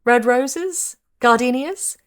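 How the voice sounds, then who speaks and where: A woman voicing a sleek, condescending male florist who talks in an unctuous, affected way and turns shrill when he gets excited. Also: takes it slowly. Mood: smarmy.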